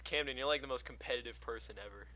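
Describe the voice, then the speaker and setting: A young man chatting casually as a co-host, telling animated stories and acting out what people said. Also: medium pitch, very fast, poor audio. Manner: animated storyteller, acts out quotes. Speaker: podcast co-host. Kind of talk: casual chat.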